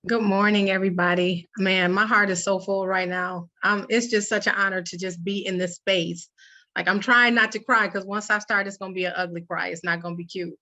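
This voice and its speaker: Woman, bright voice, heartfelt, emotional, quick bursts, panel talk. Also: mid-range voice, fairly even intonation, lo-fi sound. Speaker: paraeducator and program founder panelist.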